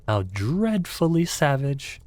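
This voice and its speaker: A man's voice: mid-range voice, very animated, slow, a little mellow, no room sound, voice pushed up. A man voicing a curious, polite young girl in a storybook reading. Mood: pleading. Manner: earnest, questioning.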